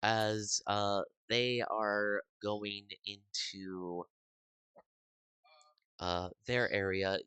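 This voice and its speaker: A man narrating as game master of a tabletop game, halting and filling pauses with uhs. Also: on the low side, a bit bright, clear, resonant tone, no room sound. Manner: halting, full of uhs and restarts.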